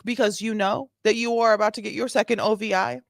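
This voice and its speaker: Sassy gravelly woman reacting to bodycam. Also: a little high, fairly even intonation, fast, no room sound, studio quality. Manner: sassy, exasperated, repeats lines. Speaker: host. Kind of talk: casual commentary on bodycam video.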